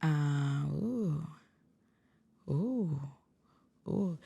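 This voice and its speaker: A woman from Cuba with a Cuban Spanish accent talks as a guest singer, slow and unhurried, hunting for her words. Her voice is gravelly and sleepy, sitting a little low. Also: lively intonation, dark tone. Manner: thoughtful, searching for words. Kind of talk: casual interview chat.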